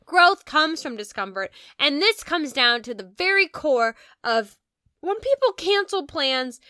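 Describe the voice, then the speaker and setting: A woman co-hosting a podcast in a lively, candid way, casually chatting and swearing now and then. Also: high voice, a little slow, no echo, studio quality. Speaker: podcast co-host.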